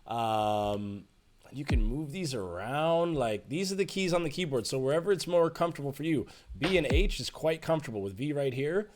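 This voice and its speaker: A man teaching music production in a relaxed, chatty tutorial, thinking aloud as he works. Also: on the high side, normal speed. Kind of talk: screen-share tutorial.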